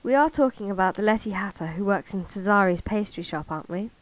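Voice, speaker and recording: A woman's voice: medium pitch, animated, fast, no room sound, close to an everyday voice, rough recording. A woman reading as a flustered, squawking woman. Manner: squawking, dizzy. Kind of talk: reading a novel aloud. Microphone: cheap karaoke mic.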